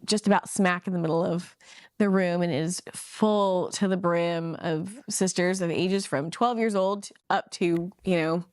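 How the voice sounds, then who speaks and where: A middle-aged woman telling a personal story in a casual, animated way, acting out the people she quotes. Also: medium pitch, clean tone, no echo, studio quality. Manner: animated, acts out quoted voices. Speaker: ex-Mormon storyteller.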